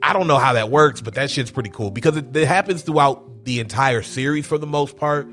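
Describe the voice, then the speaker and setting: A man's voice: medium pitch, fairly quick, a bit bright, faint music behind. A man co-hosting a casual reaction chat, loose and laughing, swearing freely. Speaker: podcast co-host.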